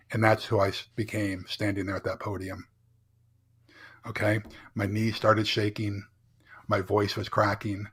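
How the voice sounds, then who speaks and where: A middle-aged man with a fairly low, slightly bright voice is a business founder and keynote speaker. In a podcast interview he tells a candid personal story, earnestly building it up and checking in often with a rhetorical "right?".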